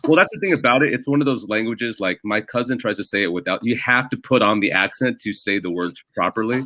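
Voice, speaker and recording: A man's voice: on the low side, fast talker, bright, forceful tone. A man, a comedian, chatting as a podcast guest, telling jokey stories with lots of restarts. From United States. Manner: rambling, jokey storytelling with many restarts. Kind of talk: casual podcast chat.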